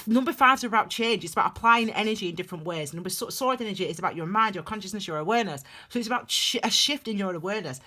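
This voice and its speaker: Lady tarot reader rambling on, super bright crisp voice, gets all excited. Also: medium pitch, very fast, hardly any pauses. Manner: chatty, digressive and animated; calls viewers "my darlings". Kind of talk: casual tarot reading vlog.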